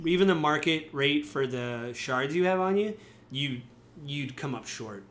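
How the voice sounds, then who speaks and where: A man's voice: a little high, lively intonation, measured pace, a bit bright, slight background noise. A man narrating a tabletop game as game master, talking casually and rambling with many fillers.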